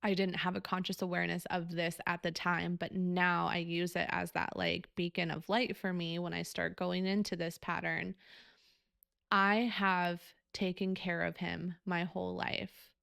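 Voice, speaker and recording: Candid young woman with gravelly voice. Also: on the low side, little pitch movement, measured pace, fairly bright tone, no room sound, studio quality. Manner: candid, emotional, swears freely, many fillers. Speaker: podcast host. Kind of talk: personal storytelling.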